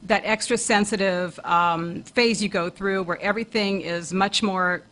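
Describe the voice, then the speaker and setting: A woman's voice: medium pitch, fairly even intonation, unhurried, fairly bright tone, poor audio. A woman co-hosting a talk show who earnestly recounts a vivid personal experience, often restarting her phrases. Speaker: co-host, paranormal investigator.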